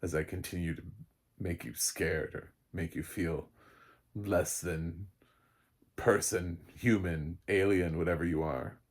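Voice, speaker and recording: A sleazy, gloating parasite plant that feeds on fear, as a man puts it on. Its voice is low and husky, and it leers and purrs. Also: fairly even intonation, slow.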